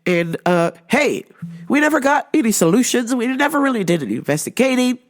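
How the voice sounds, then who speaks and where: Animated woman vlogger, laughs often. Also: a little high, fairly quick. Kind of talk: casual storytelling monologue.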